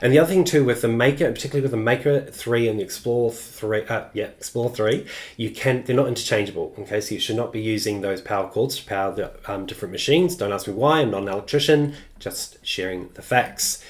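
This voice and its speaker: A man of middle age hosts a live-streamed crafting tutorial. His mid-pitched voice wanders easily between demonstration and replies to viewers, full of ums and uhs in a loose, friendly chat. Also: quick pace. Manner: chatty, loose, many ums and uhs, answers viewer comments.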